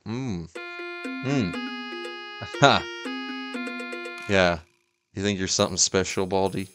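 Excitable young man with a low voice. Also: slow pace, pauses often, music in the background. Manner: excitable, yelps and laughs at the game. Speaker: gaming YouTuber. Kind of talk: casual gameplay commentary.

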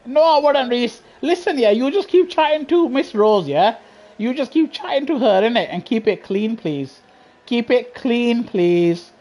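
A man's voice: very high voice, animated, unhurried, a little mellow. A young man, streaming live racing gameplay and teasing the players in his lobby, laughing often and full of slang. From England. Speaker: gaming streamer.

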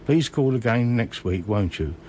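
A man's voice: medium pitch, expressive, normal speed, darkish tone, a little hiss or hum, close to an everyday voice. A man reading as a firm mother. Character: firm, honest working mother.

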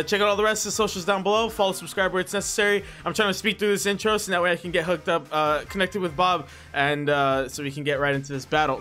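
A young man hosting his own channel, commentating a competitive battle game in a casual, excitable and nervous way, laughing often and tripping over words. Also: fairly high pitch. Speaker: Pokemon battle league competitor and channel host. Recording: faint background music.

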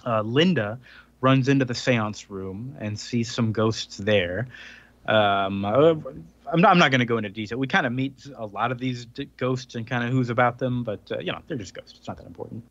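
A man co-hosting a podcast recaps a comic's plot in casual chat, rambling with lots of fillers and acting out quotes. His mid-range voice is fairly bright at a moderate pace, and the muffled recording has no room sound.

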